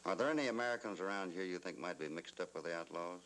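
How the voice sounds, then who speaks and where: An actor playing a steady, easygoing cowboy hero with a wry edge in a 1940s Western film. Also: male voice, low-pitched, fast, slight background noise, low-quality recording. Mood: calm.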